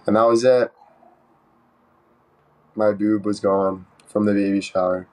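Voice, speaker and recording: A man casually telling a joking story on a live stream, animated and swearing freely. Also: lowish voice, unhurried, pauses often.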